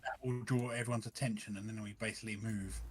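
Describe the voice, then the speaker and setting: A man's voice: lowish voice, flat delivery, fast talker, slight background noise. A man playing a tabletop game, talking casually and thinking aloud with many fillers. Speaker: player.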